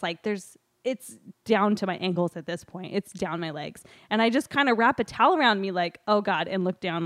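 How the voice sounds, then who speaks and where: A woman's voice: mid-range voice, no room sound, studio quality. Woman telling a story, laughing. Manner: laughing often, animated retelling with quoted dialogue. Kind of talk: casual storytelling.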